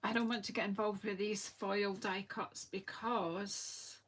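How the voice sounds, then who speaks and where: A woman's voice: medium pitch, fairly even intonation, measured pace, fairly bright tone, slightly rough. A woman from Scotland, a craft demonstrator, chatting casually and thinking aloud as she works through a live crafting session.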